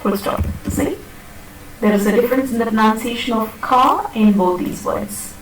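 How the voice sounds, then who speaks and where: Speaking at a normal pace in a somewhat high voice, a woman leads a pronunciation lesson, patiently repeating and modeling words and checking that students follow along. There's slight background noise, and the distant mic picks up the classroom's echo.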